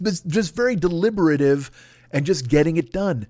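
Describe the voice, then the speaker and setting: A man rants on a podcast, swearing freely and mocking the people he talks about, now and then putting on their voices. His voice sits a little high for a man. The recording is dry and close, with no room sound. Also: a little fast, no room sound. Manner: loud, sweary, mocking, acts out other voices. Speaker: podcast host. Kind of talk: profane political rant.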